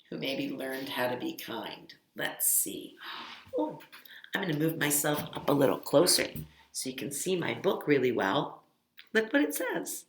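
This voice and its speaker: Children's teacher, woman, lowish bright voice, unhurried and encouraging. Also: reverberant, slight background noise, poor audio. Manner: slow, gentle and encouraging, addressing children. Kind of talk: children's lesson with song and story reading.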